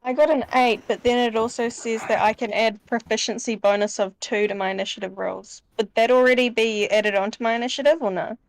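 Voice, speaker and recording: Tabletop player, woman, slightly high, upbeat, dry close mic. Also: fairly even intonation, no echo, poor audio. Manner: upbeat, quick questions, laughs easily. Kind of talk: casual game chat.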